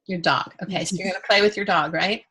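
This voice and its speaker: Woman teacher, bright and a touch raspy, chatty and joking with her class. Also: lowish voice, fast. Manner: candid and joking, with playful self-talk. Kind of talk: casual, chatty class talk.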